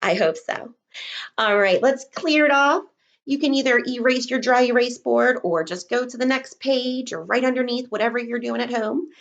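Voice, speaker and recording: A young woman teaching kindergarten remotely from home, speaking in a slow, encouraging, sing-song teacher voice and sounding words out. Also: a little high, creaky. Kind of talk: remote lesson for young children. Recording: dull lo-fi recording.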